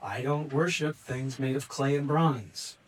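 Guy playing a cool clever advisor, flat and low-key, dry like nothing bugs him, mic's a bit far. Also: measured pace, slight background noise, close to an everyday voice. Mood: calm. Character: calm, clever male royal advisor, dry and unbothered.

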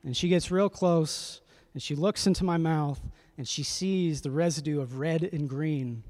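A man's voice: on the high side, measured pace, a little mellow. A man in his thirties, a pastor telling a family story in a conversational sermon, often checking in with his listeners.

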